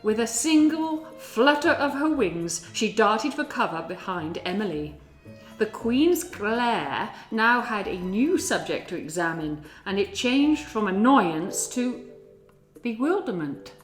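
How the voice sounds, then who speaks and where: Brief: woman storyteller, slow, deliberate and expressive, reverberant room, soft music bed. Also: a little high. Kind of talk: storybook read-aloud. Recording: echoey room with music behind.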